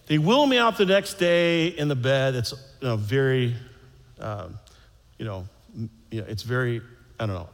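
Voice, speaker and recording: A man's voice: mid-range voice, expressive, normal speed, long reverb tail. A middle-aged American man telling a stand-up story. He rambles, mocks himself, repeats his phrases and acts out the sounds. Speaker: stand-up comedian.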